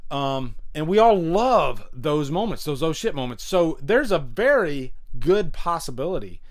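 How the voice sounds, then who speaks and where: A fairly high-voiced man talks loosely and excitedly on his live stream. He stumbles through fillers and restarts as he answers chat. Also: unhurried. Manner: chatty and enthusiastic, many fillers and restarts. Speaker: host of a live stream show. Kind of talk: casual live stream chat, reading chat comments.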